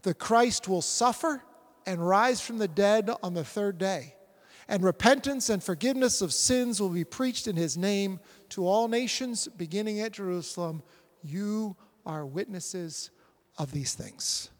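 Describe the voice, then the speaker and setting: A man in his forties preaching a sermon, animated and acting out scripture scenes. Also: sits high, measured pace, in a large hall. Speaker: pastor.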